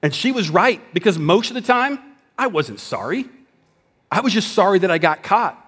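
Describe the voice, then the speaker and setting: A man preaching a sermon in a conversational style, dropping at times to a hushed voice for emphasis. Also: sits high, sing-song, normal speed, breathy edge, long reverb tail. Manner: conversational preaching with dramatic drops to a whisper. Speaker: pastor.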